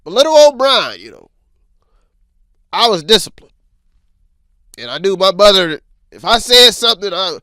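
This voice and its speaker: A man hosting a weekly headlines show, telling stories in a lively, animated way and acting out the voices of others. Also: high voice, normal speed, long pauses, no room sound. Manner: animated storytelling, acts out voices. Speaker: news show host. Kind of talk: casual news commentary.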